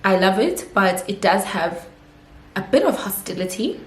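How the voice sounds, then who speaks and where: A woman's voice: medium pitch, sing-song, normal speed. A young South African woman in her twenties answering viewer questions in a casual vlog, chatty and giggly with lots of fillers. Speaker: YouTuber. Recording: echoey room.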